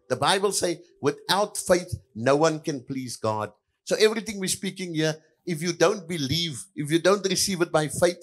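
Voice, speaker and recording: A male pastor preaching a sermon, moving between quiet passages and louder lines, with repeated hallelujahs. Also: a little high.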